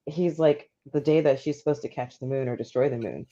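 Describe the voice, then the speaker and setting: A woman's voice: very deep voice, a little fast, crowd noise. A woman co-hosting a book club podcast, chatting casually and rambling with lots of "like" and restarts. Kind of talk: casual chat. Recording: dull lo-fi audio.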